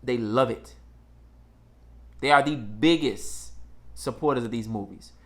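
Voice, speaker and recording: A man's voice: medium pitch, unhurried, a bit bright. A man delivering a casual monologue in a blunt, emphatic, repetitive way. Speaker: commentator.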